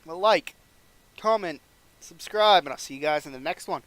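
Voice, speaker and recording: Rambling through a wrestling management game playthrough, a young gaming channel host narrates casually and acts out characters' lines. He speaks at a moderate pace in a fairly high, fairly bright voice, with no room sound.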